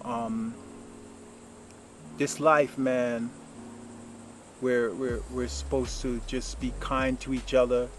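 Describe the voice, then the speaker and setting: A man's voice: medium pitch, a little hiss or hum, low-quality recording. A man giving casual life advice in a rambling, reflective monologue with lots of fillers.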